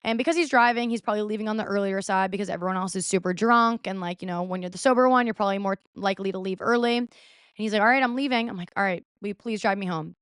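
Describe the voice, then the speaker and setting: A woman's voice: medium pitch, very fast, a bit bright, clear, resonant tone, dry recording, clean studio sound. A young woman in her twenties hosting a podcast, telling a story casually with lots of "like" and acting out what people said. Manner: chatty, lots of "like", acts out quoted lines. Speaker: podcast host.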